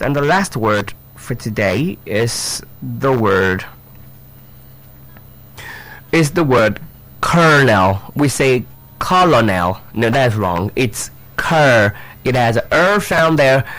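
Here a man with a bright-ish, mid-pitched voice guides teachers through a live pronunciation exercise. Spelling words one letter at a time, he addresses the crowd directly, poses rhetorical questions, and stretches out his instructive delivery with many fillers and repetitions.

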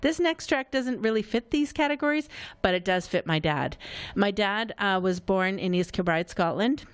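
A woman's voice: medium pitch, lively intonation, normal speed, smooth. A woman hosting a live community radio show, talking in a chatty, upbeat and loosely rambling way into a studio microphone. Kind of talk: casual live radio announcing.

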